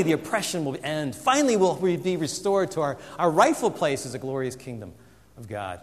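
Animated male preacher in a reverberant hall. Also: on the high side, brisk. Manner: animated, acts out quoted voices with big swings. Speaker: pastor. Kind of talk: sermon.

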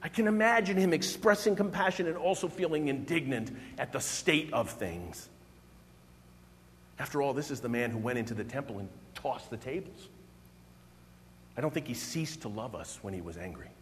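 A man's voice: medium pitch, normal speed, in a large hall, a little hiss or hum. A man preaching a sermon as pastor, speaking expressively and with emphasis. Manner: expressive, emphatic, acts out quoted voices.

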